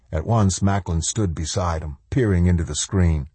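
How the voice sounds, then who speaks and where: A man narrating an audiobook in a measured, steady storytelling manner. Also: deep voice, breathy edge, dry recording. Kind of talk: scripted narration.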